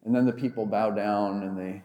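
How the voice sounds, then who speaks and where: A man's voice: fairly low pitch, steady tone, normal speed, muffled recording. A man preaching a sermon as a pastor, retelling a Bible story in a conversational, humorous way. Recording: echoey hall with long reverb.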